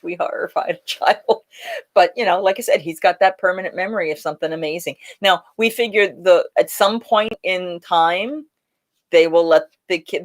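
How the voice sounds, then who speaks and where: A woman hosting a casual live chat, telling stories in an animated way and acting out quotes. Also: fairly low pitch. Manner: animated, laughing storyteller who acts out quotes. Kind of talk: casual live-stream storytelling.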